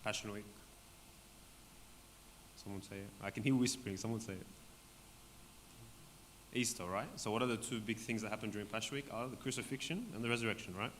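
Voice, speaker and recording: A man leading a Bible study for a group in a church hall, talking conversationally and often checking in with "right?", his voice going hoarse. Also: fairly low pitch, steady tone, fairly quick, long pauses, a bit bright. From Australia. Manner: conversational, keeps asking "right?". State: voice going hoarse, clearing throat. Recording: long hall reverb, faint background noise.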